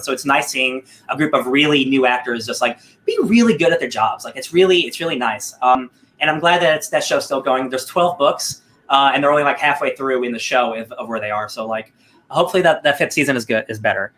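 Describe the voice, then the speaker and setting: A man's voice: medium pitch, fast, a bit bright, slight background noise. A man co-hosting a casual podcast, talking in a rambling, upbeat way with lots of fillers and restarts. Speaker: podcast co-host.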